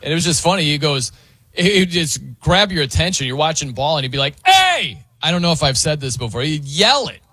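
A man hosting a sports radio show, chatting casually and telling stories with animated bursts. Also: on the high side, fast talker, husky, dry recording. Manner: animated storytelling with bursts of loudness. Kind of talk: casual radio chat and ad reads.

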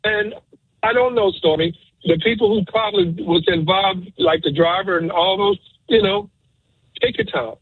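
A man phones into a radio show, emotional and preachy as he repeats his message. His voice is husky and sits a little high. It comes through a thin, phone-like line. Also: normal speed, no room sound. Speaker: radio caller. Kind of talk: call-in radio talk.

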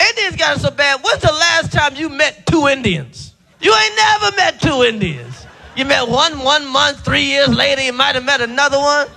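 A man doing a live stand-up routine, with loud, punchy, incredulous ranting on a comedy club stage. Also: extremely high pitch, gravelly.

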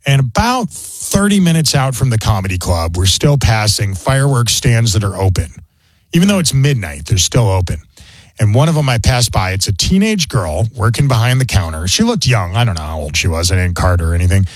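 A man's voice: lowish voice, a little fast, no echo. A man hosting a radio show, telling jokey stories in casual banter. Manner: animated storyteller, jokey.

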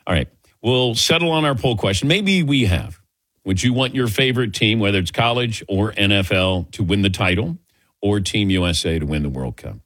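Husky, animated male radio host. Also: lowish voice, moderate pace, no echo. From American Midwest. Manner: jokey, laughs easily, animated storytelling. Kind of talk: sports radio banter.

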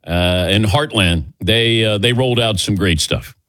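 A man hosting a sports talk radio show, chatting casually and telling animated stories with quick laughs. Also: fairly low pitch, dry recording. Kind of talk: casual morning radio banter. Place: radio studio.

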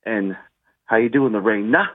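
A man's voice: fairly low pitch, normal speed, husky, no echo. A man calling in to a radio show, laid-back and grumbling, over a tinny phone line. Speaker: caller. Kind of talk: phone-in chat.

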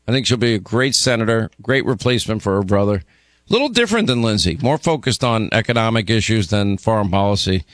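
A man hosting a call-in radio talk show, talking quickly and restarting his words. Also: fairly low pitch, animated, dry recording. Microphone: studio mic.

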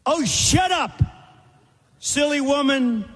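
Man doing vicious pleading snake, sing-song refrain, slow, high, long hall reverb. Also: expressive, full character voice. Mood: mocking. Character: sly vicious male snake, wheedling then mocking.

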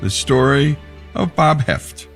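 A man's voice: medium pitch, animated, takes it slowly, vocal fry, over music. A male radio host wrapping up a story segment with enthusiastic, emphatic praise. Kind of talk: radio show host wrap-up and appeal.

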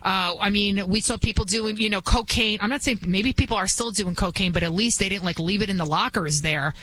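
A woman's voice: mid-range voice, a little fast, a bit bright, no echo, rough recording. A woman hosting an opinionated political monologue, emphatic and repetitive. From United States. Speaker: political commentary host.

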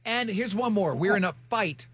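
A man's voice: high voice, expressive, a little fast, a crowd in the background. A man in his fifties, a show host, chatting casually and telling rambling stories about his marriage with many restarts. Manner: rambling storyteller with restarts, laughs easily. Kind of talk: casual chat.

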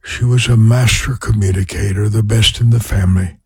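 A man's voice: on the low side, fairly even intonation, breathy edge, no room sound. A man in his eighties from Louisiana with a Southern accent, an evangelist preaching and telling folksy personal stories. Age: 80s. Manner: slow, folksy storytelling with prayer.

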